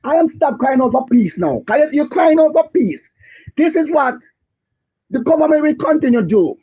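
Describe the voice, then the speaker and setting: A Jamaican man calling in to a political talk show, speaking fervently and repeating his points, sometimes rising to a shout, his voice muffled. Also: very high voice, very animated, normal speed. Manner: fiery, rising to shouts, repetitive. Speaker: caller. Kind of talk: impassioned political call-in. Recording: muffled lo-fi call line.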